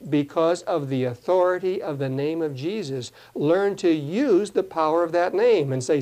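A man preaching a sermon, reading scripture slowly and explaining it in plain, earnest talk. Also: a little high, warm tone.

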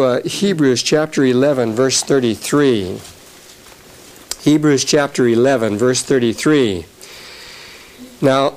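A male pastor preaching a sermon, reading scripture aloud and then explaining it in a conversational way, slowing down on key phrases. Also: mid-range voice, darkish tone.

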